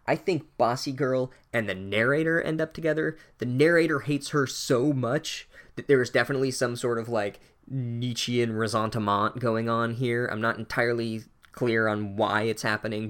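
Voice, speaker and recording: A man rants through a comedic book recap in a sarcastic, heavily profane way. His voice sits at a middle pitch and swings between mocking asides and outbursts. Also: fairly bright tone.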